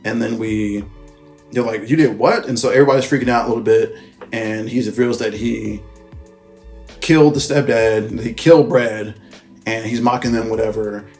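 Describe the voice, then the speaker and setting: A man's voice: fairly low pitch, fairly even intonation, normal speed, gravelly, a little mellow, faint music behind. A man casually recapping a film's plot as a reviewer, rambling, swearing and often correcting himself. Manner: rambling, profane, with frequent self-corrections. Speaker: movie reviewer.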